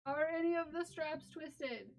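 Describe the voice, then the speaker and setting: A woman's voice: high-pitched, measured pace. A woman streaming live, chatting casually with her viewers while working on a crafting project, laughing and talking to herself. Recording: slightly dull lo-fi stream audio.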